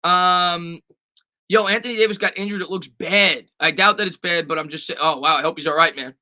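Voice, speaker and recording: A man's voice: high voice, fairly even intonation, fairly quick, sharp tone, low-quality recording. A man hosting a casual live sports stream, reading viewer questions aloud and answering with lots of fillers and restarts.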